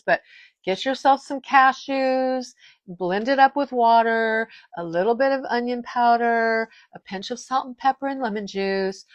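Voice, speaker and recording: A woman's voice: a little high, no room sound. A woman in her fifties giving a casual direct-to-camera monologue as a wellness vlogger, emphatic, firm and blunt, often restarting her sentences.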